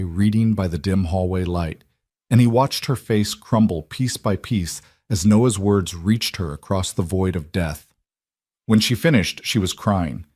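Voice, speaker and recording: A man narrating an emotional story as a scripted voice-over, in a slow, measured and somber way, close to the mic. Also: fairly low pitch, darkish tone, no room sound.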